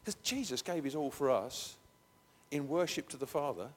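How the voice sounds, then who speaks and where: A man's voice: on the high side, animated, normal speed. A man preaching a conversational sermon in a church, breaking into emphatic, raised bursts. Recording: long hall reverb.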